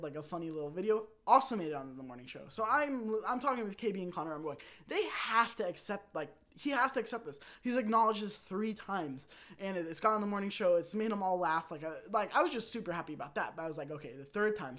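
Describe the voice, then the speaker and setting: A young man hosting his own channel, telling a rambling personal story in a casual, animated way and acting out quotes. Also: high-pitched. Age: young adult. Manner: animated, rambling, with quick restarts and acted-out quotes. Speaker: channel host.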